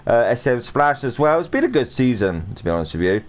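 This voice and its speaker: A man with a medium-pitched voice and big swings in pitch talks briskly as he casually commentates a sim racing stream. He rambles and chats, full of fillers and restarts, over noisy home stream audio.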